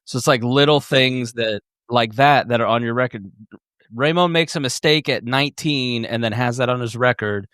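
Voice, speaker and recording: Brief: male co-host, mid-pitched, easygoing talker, dry close mic. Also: moderate pace, fairly bright tone, clear, resonant tone, dry recording. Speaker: podcast co-host. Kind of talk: casual chat.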